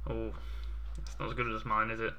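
A man's voice: lowish voice, completely flat delivery, brisk. Laid-back man over crowd noise. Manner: laid-back, joking storytelling. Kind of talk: casual chat.

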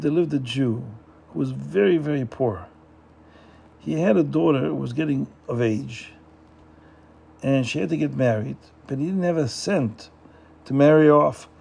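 A man narrating a folk tale in a plain, unhurried storytelling manner, often repeating himself for emphasis. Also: on the high side, creaky, darkish tone, slightly rough. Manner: plain, repetitive storytelling with restarts.

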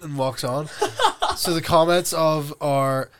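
A young man co-hosts a podcast in casual chat. He tells stories with energy and slips into put-on voices when quoting others, and his voice sits a little higher than most men's, with a faint background hiss. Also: normal speed. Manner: animated storyteller who puts on voices when quoting. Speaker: podcast co-host.

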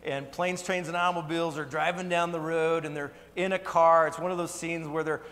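A pastor gives a sermon in an earnest, conversational manner, his voice a little higher than most men's. He speaks in a church sanctuary, and his words trail off into a long reverb. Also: steady tone, a little fast, a bit bright.

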